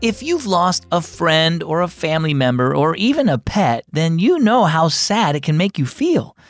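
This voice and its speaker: A man hosting a children's devotional program, narrating a story in a gentle, scripted storytelling manner. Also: on the high side, sing-song, normal speed, soft background music. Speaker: host and storyteller.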